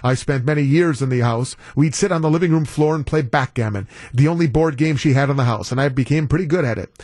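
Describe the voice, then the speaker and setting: A man's voice: medium pitch, quick pace, darkish tone, no room sound, clean studio sound. A man guest-hosting a talk radio show, telling a story in a wry, incredulous way. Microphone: studio broadcast mic.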